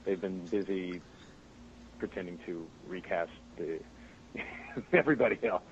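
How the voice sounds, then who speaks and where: Lively low-voiced man, muffled recording. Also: measured pace. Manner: animated, laughing storyteller. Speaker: voice actor guest. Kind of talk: casual interview chat. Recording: muffled podcast audio with faint noise.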